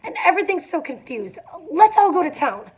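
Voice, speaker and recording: A dramatic, high, whining wealthy young woman, put on by a woman reading aloud. She begs and coaxes in a lifted, pleading tone. It is a storybook reading. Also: sing-song, moderate pace.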